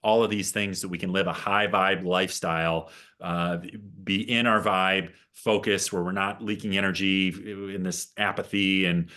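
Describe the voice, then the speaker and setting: Male life coach host, very low voice; warm affirmations delivered in long, upbeat coaching phrases. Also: steady tone, moderate pace. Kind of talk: interviewing a client.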